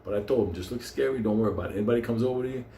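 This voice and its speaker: A man's voice: lowish voice, very fast, dark tone, slight background noise. A man, hosting a livestream and telling a story in casual, profane talk, laughing often as he goes. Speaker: stock livestream host. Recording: roomy echo.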